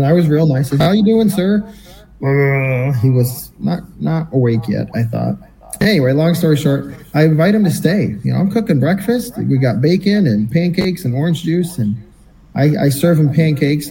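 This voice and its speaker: A man's voice: medium pitch, low-quality recording. A man co-hosting a podcast, telling a long personal story in casual chat and acting out what people said. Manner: animated anecdotal storyteller, acts out quotes. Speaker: podcast co-host.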